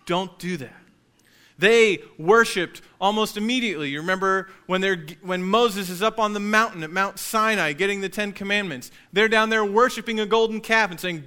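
A man preaches a sermon to a church congregation, talking to them conversationally and teasing them with light jokes. His voice sits a little high and sounds bright and forceful. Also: normal speed, clean tone. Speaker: pastor.

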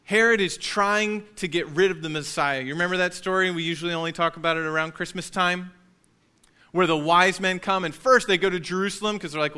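A man preaches a sermon to a church congregation, talking to them conversationally and teasing them with light jokes. His voice sits a little high and sounds bright and forceful. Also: fairly even intonation, brisk, smooth. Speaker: pastor.

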